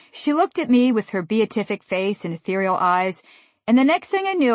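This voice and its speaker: A woman in her forties from the USA, reading her own humorous memoir in a wry, deadpan way. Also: on the high side, no echo. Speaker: author narrating a memoir. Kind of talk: humorous audiobook narration.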